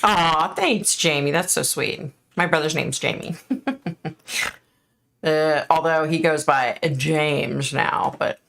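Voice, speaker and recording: A chatty middle-aged woman from the United States hosts a live stream and reads out viewer comments. Her voice sits low for a woman, with a gravelly fry running through it, and she laughs easily between remarks. It feels relaxed and personal. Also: takes it slowly. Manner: chatty, laughs often, thanks viewers by name. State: overheated and sweating. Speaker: psychic hosting a live stream. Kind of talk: casual live-stream chat reading comments.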